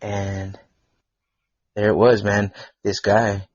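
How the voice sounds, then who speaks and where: Husky low-voiced man rambling a story. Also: flat delivery, slow, dry recording. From Wisconsin. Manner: rambling storytelling with lots of fillers. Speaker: podcast host. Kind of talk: casual podcast chat. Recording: dull lo-fi home podcast mic.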